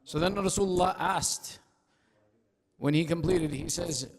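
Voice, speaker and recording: A male preacher giving an emphatic, rhythmic sermon at an Islamic center, telling stories and dropping into hushed asides. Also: on the high side, measured pace. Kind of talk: sermon with storytelling. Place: large prayer hall of an Islamic center. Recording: long hall reverb.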